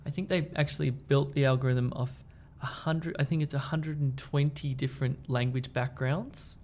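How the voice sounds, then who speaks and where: A man co-hosting a casual discussion, relaxed and hesitant, with lots of fillers and restarts. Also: medium pitch, normal speed, a little hiss or hum. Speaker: podcast co-host.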